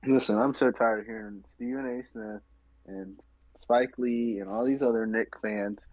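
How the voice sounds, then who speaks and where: A man's voice: medium pitch, steady tone, moderate pace, no echo. A man co-hosting a sports podcast, ranting with lots of profanity in casual chat. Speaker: podcast co-host. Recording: dull lo-fi sound.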